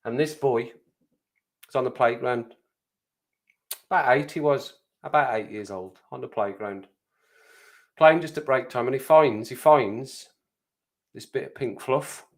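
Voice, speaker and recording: A man telling a comic tale on a casual live stream. He rambles and repeats phrases for effect, at a mid pitch for a man.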